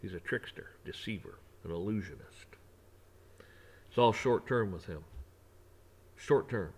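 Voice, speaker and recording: A man's voice: on the low side, animated, a little slow. A man delivering a preachy, rambling rant on his own vlog, repeating himself often. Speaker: vlogger.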